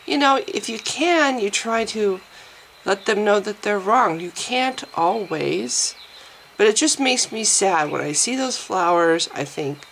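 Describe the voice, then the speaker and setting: Slow, candid woman vlogging at home. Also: mid-range voice, expressive, vocal fry, fairly bright tone, slight background noise. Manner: rambling and candid, with restarts and self-deprecating asides. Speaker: video blogger. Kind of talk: casual personal vlog.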